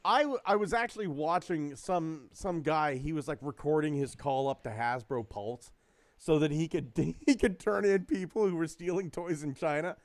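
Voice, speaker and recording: A man's voice: fairly high pitch, no echo. A man co-hosting a casual chat podcast, ranting and mocking with plenty of swearing. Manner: profane, ranting, quick to mock. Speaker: podcast co-host.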